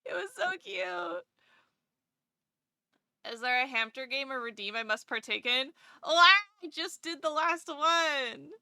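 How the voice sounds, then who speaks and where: Bubbly bright-voiced woman streamer. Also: high-pitched, fairly even intonation, normal speed, hardly any pauses, dry recording, studio quality. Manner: bubbly, chatty, gushing over cute things. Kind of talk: casual live-stream chat.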